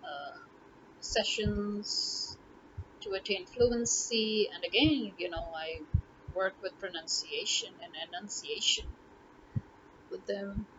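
A woman's voice: medium pitch, slow, long pauses, a bit bright, lo-fi sound, a little hiss or hum. A woman language tutor talking casually to camera in an emphatic way, repeating words to drive her points home.

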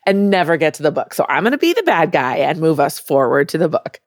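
A woman host with a low voice who keeps the talk moving with wry asides. The sound is dry and close. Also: very animated, dry recording. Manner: brisk, wry, steering the talk. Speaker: podcast host. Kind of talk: casual chat, moderating.

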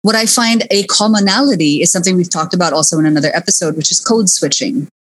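A Filipino woman hosting a podcast discussion, talking in a lively way and dropping Filipino words into her English. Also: lowish voice, quick pace, husky, dry recording. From Philippines. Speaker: podcast host. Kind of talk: casual discussion.

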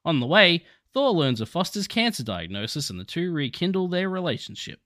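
Guy cohosting a movie podcast, bright tone, dry close mic, reads trivia off notes. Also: on the high side, very animated, brisk, no room sound. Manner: reads plot summary and trivia, then chats with laughs. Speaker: podcast co-host. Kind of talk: casual movie podcast chat.

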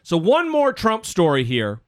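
Casting: sarcastic male podcast co-host, high lively voice, dry close sound. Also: a little slow, no room sound. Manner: sarcastic and incredulous. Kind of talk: political commentary chat.

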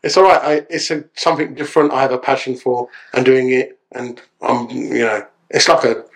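A man talking as a podcast guest, chatty and animated, tagging his lines with "yeah?". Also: medium pitch, normal speed. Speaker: podcast guest, solicitor and actor. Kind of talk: casual podcast chat.

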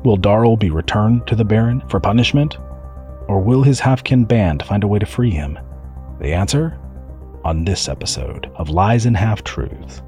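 A man narrating a fantasy audiobook story in a measured storytelling way. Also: fairly low pitch, warm tone, soft background music.

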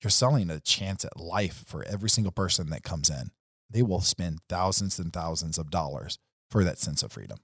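A man with a very deep, husky voice makes his case in a casual podcast chat, punchy and persuasive. The sound is dry and close. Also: lively intonation, moderate pace, fairly bright tone, no echo. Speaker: podcast co-host, coach.

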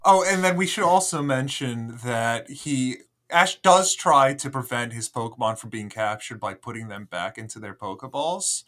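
A man co-hosting a relaxed podcast. He lays out plot details carefully and picks at small mistakes. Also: medium pitch, moderate pace, few pauses. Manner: detail-focused, nitpicky. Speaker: podcast co-host. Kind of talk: casual chat.

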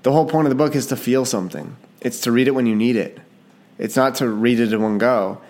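A man's voice: medium pitch, fast, a little mellow. A man from Canada hosting his own podcast in a casual solo chat, rambling and self-deprecating, often restarting his sentences and apologizing. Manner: apologetic, jokey. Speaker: podcast host and author.

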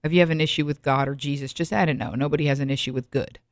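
A woman's voice: deep voice, fairly even intonation, rapid-fire, dry recording, studio quality. A middle-aged woman giving a reflective solo monologue, rambling with frequent restarts and asides.

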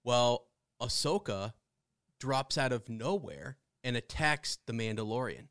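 A man co-hosting a podcast, telling stories with excited, animated energy and frequent restarts. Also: medium pitch, a little slow, dry recording, studio quality. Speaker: podcast co-host. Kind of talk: casual fan discussion.

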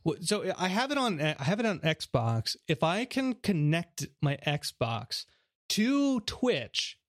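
A middle-aged man co-hosting a podcast, chatting casually and telling an animated story with frequent laughter. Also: slow, no room sound, studio quality. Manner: animated storyteller, laughs often, mimics high voices. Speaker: podcast co-host. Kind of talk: casual chat.

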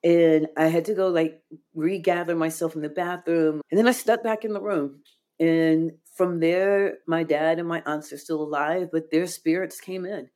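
Low-voiced earnest woman guest. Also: steady tone, normal speed, darkish tone. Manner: earnest, heartfelt, frequent "like" fillers. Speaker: podcast guest. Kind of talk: emotional personal storytelling.

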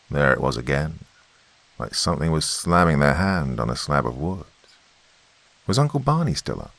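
A man reads a first-person horror story in a deep, gravelly voice. His delivery swings widely in pitch, building tension with dramatic pauses. The sound is close and dry. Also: fairly bright tone, no echo.

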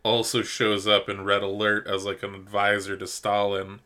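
A man co-hosting a podcast in casual chat, excitable, laughing and swearing often. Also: on the low side, moderate pace. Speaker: podcast co-host.

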